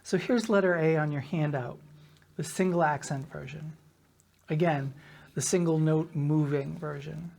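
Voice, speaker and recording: Low-voiced woman teaching drums. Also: steady tone, a little slow, gravelly, noisy background. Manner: patient, counts patterns aloud in a sing-song rhythm. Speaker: drum teacher. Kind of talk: instructional lesson.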